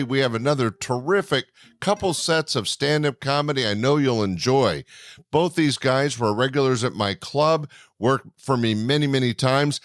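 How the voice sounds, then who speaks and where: A man's voice: a bit bright, dry recording. Upbeat man hosting a podcast, dry sound. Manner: friendly, upbeat promo pitch. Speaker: podcast host and club owner. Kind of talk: podcast introduction.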